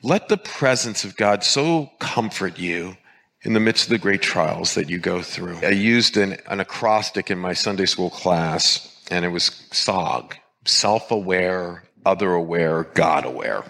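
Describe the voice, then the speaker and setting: A male pastor preaching a sermon with emphasis, repeating key phrases and slowing down to stress single words. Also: sits low, gravelly, sharp tone.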